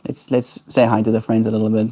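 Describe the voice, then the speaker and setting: A man's voice: lowish voice, level tone, quick pace, warm tone. Male streamer, casual, baby-talks his bird between replies to chat. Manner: coos in a baby voice to a pet bird and answers viewer comments. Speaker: daily live streamer.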